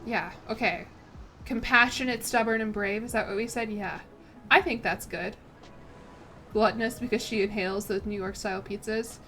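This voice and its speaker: A woman's voice: medium pitch, moderate pace, sharp tone, soft background music. A young woman streaming a strategy game, chatting casually and thinking aloud in a self-deprecating way. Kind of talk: casual gameplay commentary.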